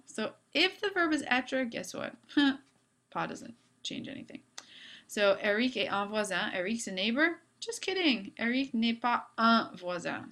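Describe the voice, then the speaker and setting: A woman's voice: medium pitch, a bit bright. Upbeat woman teaching a French lesson. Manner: upbeat, playful teacher asides. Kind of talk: classroom video lesson.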